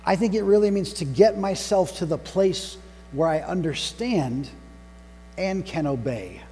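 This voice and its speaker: A man delivering a sermon, pausing to stress single words with deliberate emphasis. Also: high voice, lively intonation, warm tone. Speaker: pastor. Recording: long reverb hall with faint mains hum.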